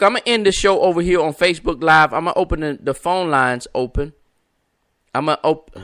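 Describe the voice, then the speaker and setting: A man's voice: on the high side, fairly bright tone, no echo, clean studio sound. A man hosting a live internet show, talking to listeners in an emphatic, repetitive, preacher-like cadence and greeting viewers by name. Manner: talks to viewers and callers by name. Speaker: podcast host. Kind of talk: live-stream preaching talk.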